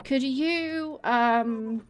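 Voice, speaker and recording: A woman's voice: sits high, very slow. An English woman streamer chatting casually with her viewers and answering chat while walking on a treadmill. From England. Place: home, on a treadmill.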